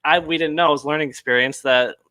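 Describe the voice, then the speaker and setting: A man's voice: fairly high pitch, fairly even intonation, quick pace, crowd noise. A man guesting on a casual podcast, laid-back with dry humor. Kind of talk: casual chat.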